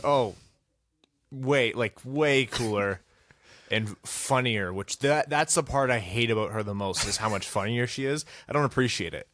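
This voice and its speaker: A man co-hosting a casual hockey podcast, ranting with animated, self-mocking humor. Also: mid-range voice, a little slow, no echo. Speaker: podcast co-host.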